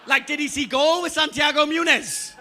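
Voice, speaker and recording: Comic doing stand-up, loud sweary storyteller, really high bright voice. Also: male voice, normal speed, a little hiss or hum. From Newcastle upon Tyne, England. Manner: rowdy, swearing, crowd-teasing storyteller. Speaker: stand-up comedian. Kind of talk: stand-up comedy set. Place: comedy club stage.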